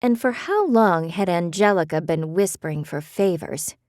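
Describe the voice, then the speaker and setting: Low-voiced woman audiobook narrator. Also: expressive, normal speed, a little mellow, no echo, clean studio sound. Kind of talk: scripted narration.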